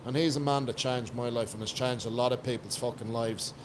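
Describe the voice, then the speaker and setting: Irish guy on a podcast, mid pitch, blunt and sweary, bit of faint noise behind. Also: fairly even intonation, brisk. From Ireland. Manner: blunt, profane, emphatic. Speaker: podcast guest, coach. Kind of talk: casual podcast chat.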